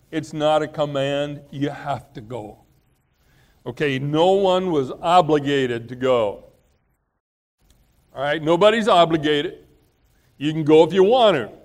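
A man preaching a relaxed, conversational sermon, often pausing and clearing his throat. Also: on the high side. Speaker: pastor.

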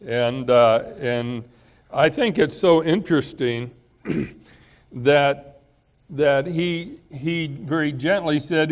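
A man delivers a sermon at an unhurried pace, in a fairly high voice for a man. His talk is loose and conversational, with frequent pauses, fillers and throat clearing. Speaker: pastor.

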